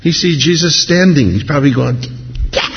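A man preaching a sermon, telling the story in a lively way and acting out what people in it say. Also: mid-range voice, normal speed, slight background noise. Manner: animated storytelling, acting out crowd voices. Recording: dull sound in a large reverberant hall.

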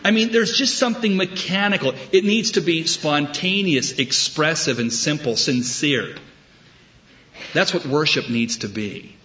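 A man preaching a sermon, telling a story with wry humor and deliberate emphasis. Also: fairly high pitch, bright, forceful tone, dull audio, a little hiss or hum. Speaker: pastor.

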